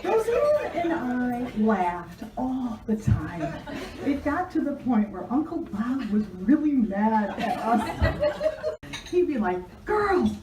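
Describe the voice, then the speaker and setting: A woman's voice: a little high, sing-song, takes it slowly. A woman in her fifties giving an emotional birthday toast for her uncle, laughing through her stories. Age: 50s. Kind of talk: family party speech. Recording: echoey room from far off. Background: loud crowd chatter and noise.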